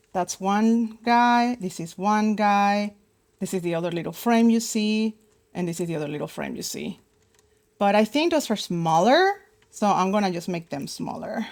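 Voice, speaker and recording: A young woman teaching an art lesson in a casual, chatty way, thinking aloud as she draws, with many fillers and restarts. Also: medium pitch. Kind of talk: casual live drawing lesson.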